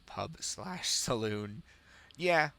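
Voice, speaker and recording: Gravelly man telling rambling stories. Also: medium pitch, animated, drawn-out words, bright, forceful tone. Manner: rambling, self-amused storytelling. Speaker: game streamer. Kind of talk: casual chat while streaming a game.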